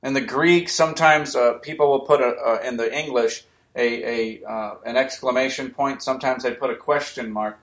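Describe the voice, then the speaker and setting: A man's voice: mid-range voice, fairly even intonation, normal speed, hardly any pauses, a bit bright. Man preaching a sermon in an echoey room. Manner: emphatic preaching, repeats key phrases, rises to raised voice. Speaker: pastor.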